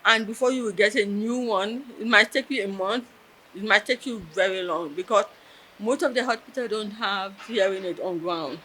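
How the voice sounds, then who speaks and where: A woman, telling her own story in an interview in an earnest, heartfelt way, with pauses and restarts. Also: mid-range voice, sharp tone, a little hiss or hum. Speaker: interviewee, deaf artist.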